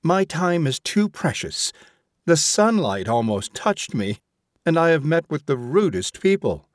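A man's voice: on the high side, big pitch swings, measured pace, no room sound, studio quality, pitched above the performer's own voice. A man reading an audiobook, voicing a prim, haughty woman who is easily shocked, in a clipped, disdainful manner. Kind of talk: audiobook character voice.

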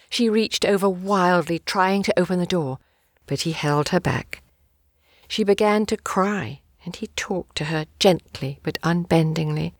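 A woman narrating a novel in an audiobook reading, slow, measured and expressive. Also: on the low side, no echo, studio quality.

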